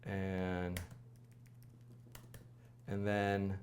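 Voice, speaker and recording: A man hosting a live coding stream, thinking aloud in a rushed, flustered way, full of fillers and self-corrections. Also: deep voice, monotone, darkish tone, a little hiss or hum. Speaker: coding livestream host.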